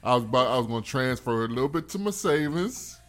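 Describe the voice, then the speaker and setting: Man, casual storytelling, laughing, lively pitch, faint music behind. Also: fast. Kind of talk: casual chat.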